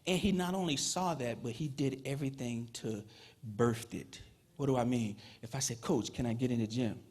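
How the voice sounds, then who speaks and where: A man's voice: mid-range voice, moderate pace, a little mellow, husky. A man from Petersburg, Virginia, giving a conversational Hall of Fame induction speech full of "you know". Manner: conversational storytelling with many "you know" fillers. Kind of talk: induction ceremony speech, storytelling. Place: ceremony hall, speaking to an audience.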